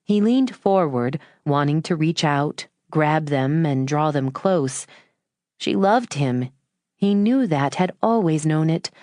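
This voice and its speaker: Low-voiced woman reading an audiobook. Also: darkish tone, no echo, studio quality. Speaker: audiobook narrator. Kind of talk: scripted audiobook narration.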